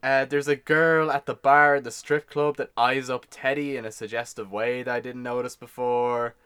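Man, podcast co-host, casual, note by note, giggly, bright and clear tone. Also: medium pitch, flat delivery, moderate pace. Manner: laughs often, goes through his notes one by one. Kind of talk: casual chat reading out film notes.

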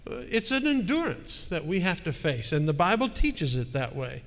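A man's voice: fairly high pitch, sing-song, moderate pace, a bit bright, big-room sound. A man preaching a sermon as a pastor, in a conversational way, putting questions to the congregation.

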